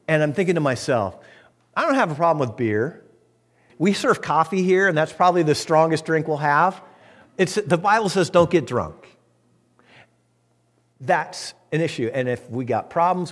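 A man preaching as pastor of his church, swinging from loud emphatic peaks to hushed low asides. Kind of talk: sermon.

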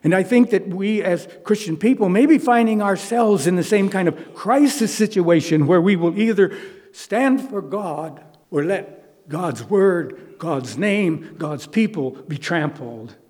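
A male pastor delivers a sermon in earnest, conversational tones, tossing rhetorical questions to his listeners. His voice sits a little high, with a dark, husky timbre. The sound carries a long reverb, as if it were filling a church hall. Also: expressive, measured pace.

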